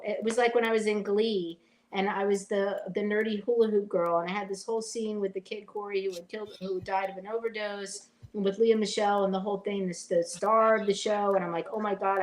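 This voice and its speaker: A woman's voice: mid-range voice, a little hiss or hum, poor audio. A woman in her forties, an actress guest telling stories in a casual interview, chatty and full of "like", acting out what people said. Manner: chatty, fills with "like", acts out quotes.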